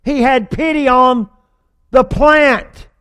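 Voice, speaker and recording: High-voiced folksy male preacher. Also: steady tone, takes it slowly, bright, forceful tone, clean tone. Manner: folksy, humorous, acts out voices with exaggerated whining. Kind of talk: sermon.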